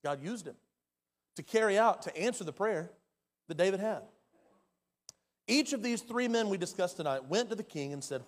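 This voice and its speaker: A man preaching a sermon as pastor, his delivery swinging from loud and urgent to hushed and quiet. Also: high-pitched, brisk. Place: church sanctuary. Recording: long hall reverb.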